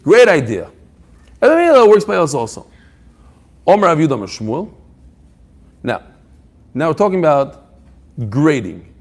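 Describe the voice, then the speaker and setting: A man teaching a Talmud class, emphatic and animated, quoting passages and explaining them in English. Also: sits high. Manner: animated, emphatic, mixing Hebrew-Aramaic quotes with English explanation.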